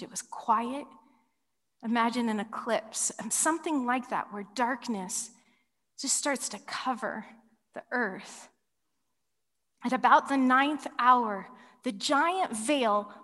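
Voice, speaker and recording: A woman preaches to a gathering, telling her story slowly and with drama. Her voice sits a little high and swings from loud cries down to near-whispers. The sound carries the long reverb of a big hall. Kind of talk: sermon storytelling. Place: large hall with ceiling.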